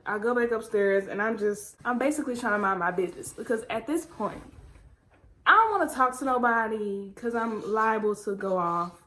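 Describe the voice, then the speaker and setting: A young woman chatting casually in a vlog, telling a story in an animated way and acting out her own quotes. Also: on the high side, moderate pace. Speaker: vlogger.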